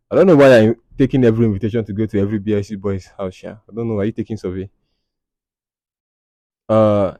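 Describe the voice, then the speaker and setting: Twenties male podcast host, mellow low tone, teasing and blunt. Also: fairly even intonation, quick pace, pauses often, no room sound. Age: 20s. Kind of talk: casual chat reading anonymous confessions.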